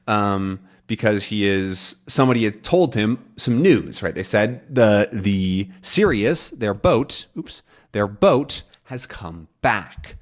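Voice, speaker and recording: A young man teaching English, explaining a comic slowly and clearly, rephrasing as he goes. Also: on the low side, animated. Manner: slow, clear, repeats and rephrases.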